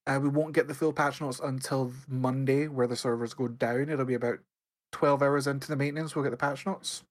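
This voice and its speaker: A man co-hosting a gaming podcast, chatting casually and quickly, often laughing. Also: medium pitch, steady tone. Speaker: podcast co-host.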